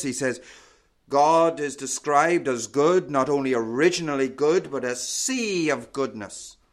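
A man delivering a sermon at a very unhurried pace. His voice sits a little high for a man, and each phrase is measured and deliberate, dropping low and soft at the close. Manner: slow, deliberate preaching with falling phrase endings. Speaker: preacher.

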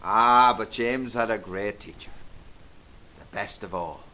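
Male preacher, sermon delivery, measured and emphatic, crisp forceful tone. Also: on the low side. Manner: emphatic, deliberate preaching with repeated phrases.

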